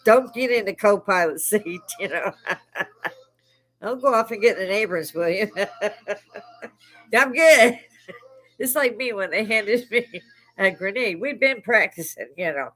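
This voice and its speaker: A woman's voice: medium pitch, animated, slow, long pauses, fairly bright tone, rough recording. An older woman from Chicago hosting a casual live stream chat, salty and profane, laughing often between stories. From Chicago, United States. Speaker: live stream host, army veteran.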